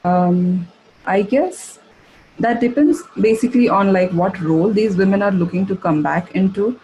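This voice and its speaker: A woman giving a masterclass, answering audience questions in a halting way, with many fillers and restarts. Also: mid-range voice, warm tone, slightly rough, rough recording. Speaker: masterclass speaker. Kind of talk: live webinar Q&A answers.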